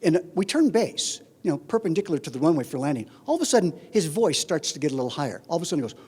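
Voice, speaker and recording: Lively man telling jokes in a hall. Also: a little high, very fast, breathy edge. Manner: animated comic storyteller. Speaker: flight instructor giving a keynote speech. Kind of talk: humorous conference speech. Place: conference hall. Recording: reverberant conference hall.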